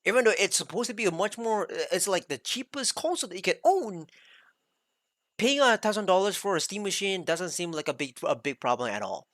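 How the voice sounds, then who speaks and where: A man's voice: high-pitched, sing-song, brisk, a bit bright, no echo, clean studio sound. A man streaming, giving a heated, rambling rant full of swearing while reacting to a video. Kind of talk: ranting reaction commentary.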